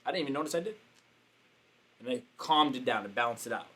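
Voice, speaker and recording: A man, a business coach, telling a story casually and acting out the quotes with sudden jumps in pitch. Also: animated, fast talker, sharp tone.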